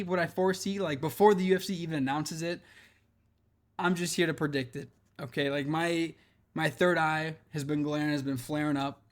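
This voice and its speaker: A young man giving brash, profane opinions on fighters in a casual chat, his voice swinging between loud bursts and quiet asides. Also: a little high. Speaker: MMA commentator.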